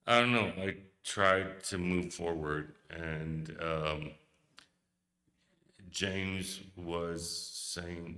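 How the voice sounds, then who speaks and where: A man giving a hesitant, emotional memorial speech, pausing often and searching for words. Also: low voice, pushed and bright. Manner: hesitant, emotional, many pauses and fillers. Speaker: eulogy speaker. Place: memorial service hall. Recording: long hall reverb.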